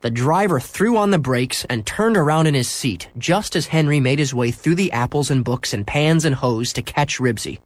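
A man reading a children's book aloud, expressive and acting out the sound effects. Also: fairly high pitch, moderate pace, few pauses, dry recording. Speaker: storyteller.

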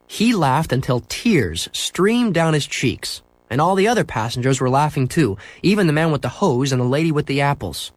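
Guy reading a kids book out loud, super expressive, does the sound effects. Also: on the high side, normal speed, hardly any pauses, no room sound. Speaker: storyteller. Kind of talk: reading a children's book aloud.

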